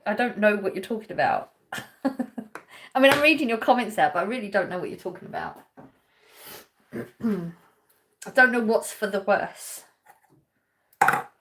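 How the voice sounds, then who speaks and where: A woman's voice: medium pitch, a little hiss or hum. An English woman hosting a casual live stream, chatting and laughing as she reads viewer comments aloud. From England. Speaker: livestream host.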